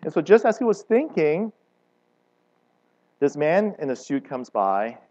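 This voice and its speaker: A man preaching a conversational sermon, telling stories and asking the audience questions with lively emphasis. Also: measured pace. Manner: relaxed, chatty, asks the audience questions; lively swings in loudness and pitch for emphasis. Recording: dull lo-fi recording.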